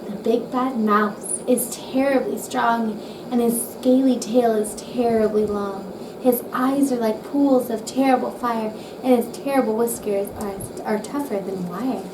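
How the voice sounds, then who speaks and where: A woman voicing a big, gruff male monster father telling a scary tale, in a lowered voice. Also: fairly even intonation, a little slow, lightly acted. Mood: ominous. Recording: roomy, distant mic with background noise.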